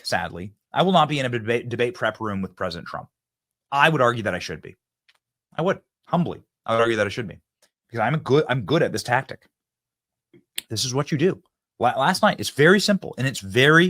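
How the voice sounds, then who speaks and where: A man hosting a political talk show, giving an energetic monologue that repeats phrases and acts out debate lines. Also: mid-range voice. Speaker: political commentator and show host.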